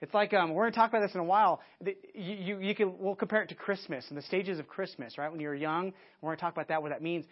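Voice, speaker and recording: A man preaching a conversational sermon to a church audience, lively and often restarting his sentences. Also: high-pitched, fast, hardly any pauses. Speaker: pastor. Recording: dull lo-fi sermon recording.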